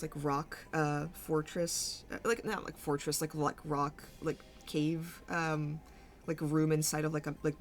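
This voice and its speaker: A woman's voice: low voice, creaky, darkish tone. A woman narrating as game master for a tabletop game, hesitant and full of fillers. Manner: slow, hesitant, many fillers.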